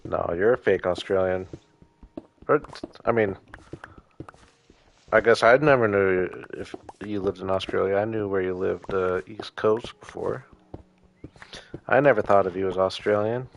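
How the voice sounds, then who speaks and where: A man casually chatting and joking with his viewers while playing a game, relaxed and full of small hesitations. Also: low voice, normal speed, gravelly, long pauses, dull audio. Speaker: streamer. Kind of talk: casual live-stream chat with viewers.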